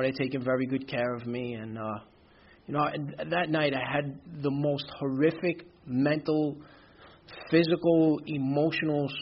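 Man, recovery testimony, candid and chatty, mid pitch, slightly dull lo-fi sound with faint hiss. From Brooklyn, New York. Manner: candid, conversational, many "you know" fillers. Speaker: recovery speaker. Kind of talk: personal testimony talk.

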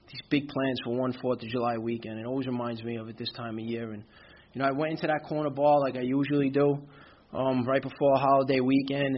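Man, recovery testimony, candid and chatty, mid pitch, slightly dull lo-fi sound with faint hiss. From Brooklyn, New York. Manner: candid, conversational, many "you know" fillers. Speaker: recovery speaker. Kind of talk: personal testimony talk.

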